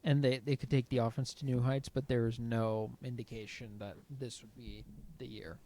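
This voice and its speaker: A man co-hosting a casual sports podcast, relaxed and laughing easily as he talks. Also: mid-range voice, normal speed, heavy background noise. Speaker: podcast co-host.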